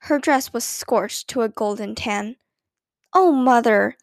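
A woman narrating a children's storybook with a clear, expressive reading. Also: on the high side, a little slow, no room sound, studio quality. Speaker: audiobook narrator.

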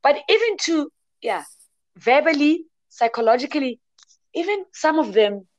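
A woman's voice: sits high, big pitch swings, moderate pace, no echo. A woman talking passionately and emphatically in a casual discussion, speaking as an advocate for emotional health. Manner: passionate and emphatic, mixes in local words.

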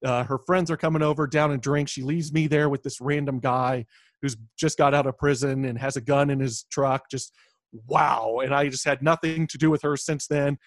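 A man co-hosting a podcast, calmly recounting a bad date with frequent pauses and fillers. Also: medium pitch, no room sound. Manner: relaxed, halting delivery with fillers. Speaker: podcast co-host. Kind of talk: casual storytelling chat.

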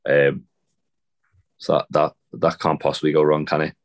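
Very deep-voiced man recapping wrestling. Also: monotone, moderate pace. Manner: rambling, swears casually, many fillers. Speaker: podcast co-host. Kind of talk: casual wrestling recap chat.

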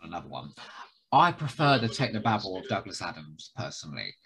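A man co-hosting a podcast, enthusiastic and jokey, often pausing to find words. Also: sits low, very animated, a bit bright. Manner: enthusiastic, jokey, hesitant with fillers. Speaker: podcast co-host. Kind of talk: casual podcast chat.

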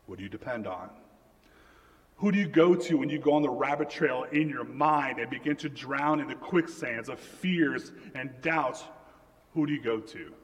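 Young male preacher in a reverberant church. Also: on the high side. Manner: storytelling, animated quoting of family. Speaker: pastor. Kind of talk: sermon. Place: church sanctuary.

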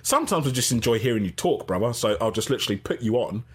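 A middle-aged man hosting a casual live-stream podcast, reading out chat and giving shout-outs. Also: medium pitch, lively intonation, fast talker, husky. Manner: chatty, gives shout-outs, laughs easily.

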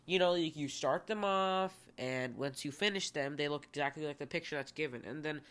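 Young male podcast host, bright tone, goofy self-deprecating rambler. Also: fairly high pitch, fairly quick, clear, resonant tone. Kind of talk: rambling solo podcast chat.

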